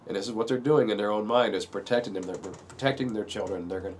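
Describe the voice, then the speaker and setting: Middle-aged man, low voice, rambling and emotional, faint noise behind. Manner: rambling, fills pauses with "you know", strained and close to breaking down. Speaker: video speaker sharing a personal story. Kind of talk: emotional personal monologue.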